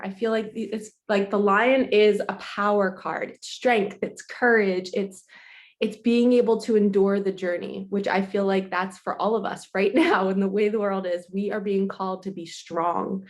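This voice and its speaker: A woman hosting a casual spiritual card-reading vlog, emotional and tearful, talking straight to her viewers in a chatty, heartfelt way. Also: medium pitch. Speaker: spiritual coach and host.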